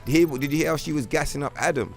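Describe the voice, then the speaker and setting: A man's voice: fairly high pitch, very fast, gravelly, over music. A man streaming a game, rambling in a casual, profane, slang-heavy way. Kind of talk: casual livestream chat.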